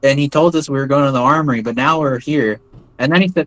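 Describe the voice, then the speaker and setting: A man tells his own story in a loose, rambling way, looping back with "like" and "you know" and checking in with "right?" after each point. His voice sits at an ordinary middle pitch. The recording is dry and close, with almost no room sound. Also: fast, dry recording, low-quality recording. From United States. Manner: rambling, many fillers and tag questions. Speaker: veteran telling his story. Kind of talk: casual first-person storytelling.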